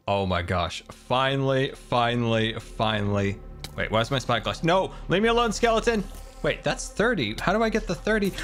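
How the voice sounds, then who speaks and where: A man giving excitable gameplay commentary, often exclaiming, laughing and talking to himself and to the creatures in the game. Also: mid-range voice, a little slow, soft background music. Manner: exclaims and laughs often, repeating panicked cries. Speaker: gaming video creator.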